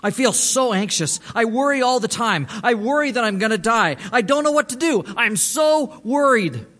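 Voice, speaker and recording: A man putting on a frightened drunk man, desperate and pleading, pitched well above a speaking voice that is already high and bright, loud and strained. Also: animated, moderate pace. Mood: anxious.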